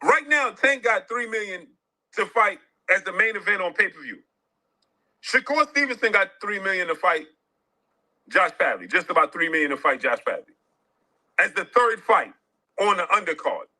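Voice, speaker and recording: A man's voice: high-pitched, sing-song, moderate pace, long pauses, bright, forceful tone, poor audio. A man hosting boxing commentary in a heated, argumentative way, scornful of his critics. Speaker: boxing manager and show host.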